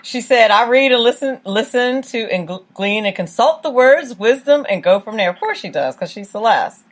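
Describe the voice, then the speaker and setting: Lively woman hosting an online show. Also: on the high side, normal speed. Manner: bubbly, laughs often, says "right" a lot. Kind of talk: casual interview chat.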